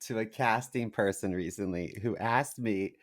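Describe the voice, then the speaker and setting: A man's voice: fairly low pitch, normal speed. A man co-hosting a comedy podcast, talking in a sassy, flamboyant, gossipy way in casual chat. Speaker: podcast co-host.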